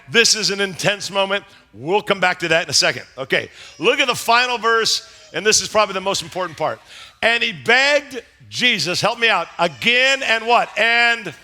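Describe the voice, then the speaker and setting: High, bright-voiced preaching pastor. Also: male voice. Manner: animated, dramatizing scripture with acted voices and shouts; calls on the congregation to answer along. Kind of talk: sermon. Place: church sanctuary before a congregation.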